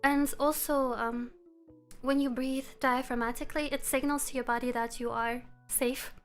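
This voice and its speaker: A woman streamer chatting casually with her viewers. She is relaxed and laughs often. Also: sits high, normal speed, faint music behind. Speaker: live streamer. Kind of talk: casual live-stream chat. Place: room at home.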